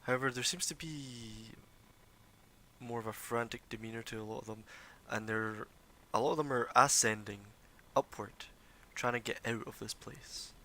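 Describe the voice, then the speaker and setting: Over a streaming desk mic with a little background noise, a man narrates a tabletop game as dungeon master. His medium-pitched voice moves at normal speed, pushed and bright, and his casual talk is full of swearing and fillers.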